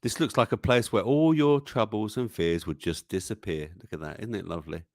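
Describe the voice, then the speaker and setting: Brisk and a little mellow, this man's fairly low voice carries a casual live-stream news show. He reads memes aloud between chatting, frequently chuckles, and exclaims at what he shows, in studio-quality sound free of room noise.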